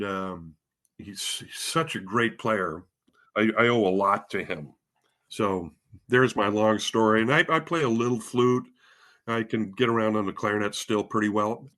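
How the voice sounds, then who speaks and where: In a medium-pitched, fairly bright voice, a man from Spokane, Washington shares his story during an easygoing interview. He is head of bands at a music school and rambles, downplays himself, and often restarts amid many fillers.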